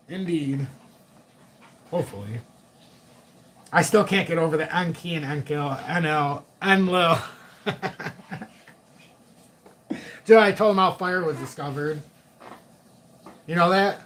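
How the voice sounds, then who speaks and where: A man's voice: fairly high pitch, a little slow, long pauses, fairly bright tone, a little hiss or hum. A middle-aged man hosting a live chat stream, joking, laughing often and swearing casually. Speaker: livestream host.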